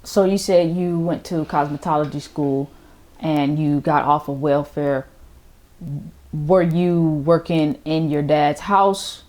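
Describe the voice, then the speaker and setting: Slow, low-voiced woman interviewer. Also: steady tone, a little mellow. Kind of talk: interview questions.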